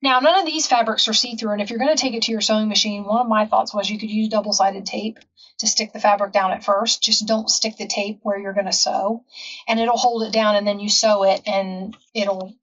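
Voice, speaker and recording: A woman's voice: medium pitch, fairly even intonation, brisk, fairly bright tone, recorded from a distance, lo-fi sound. A woman hosting a casual craft tutorial, chatting and rambling with frequent ums in her home craft room. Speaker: craft channel host.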